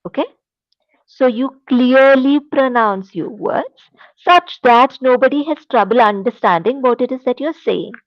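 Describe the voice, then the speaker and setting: A woman teacher with an Indian English accent, giving a classroom lecture in a slow, deliberate, emphatic way. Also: high voice, animated, no echo, highs cut off.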